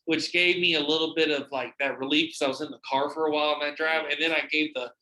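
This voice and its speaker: Animated storytelling man, bright echoey voice. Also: a little high, quick pace. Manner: animated, acts out voices in his stories, swears freely. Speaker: podcast guest and delivery driver. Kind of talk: casual storytelling. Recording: echoey room.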